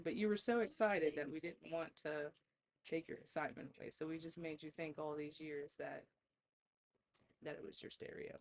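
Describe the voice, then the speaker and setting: A woman's voice: sits low, vocal fry. A woman guest on a podcast, telling stories in a casual chat, laughing often and swearing freely.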